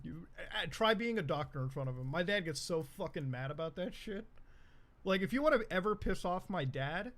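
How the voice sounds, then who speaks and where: A man telling a casual story in a rambling, profane way, with many fillers and bursts of laughter. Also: on the high side. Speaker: streamer.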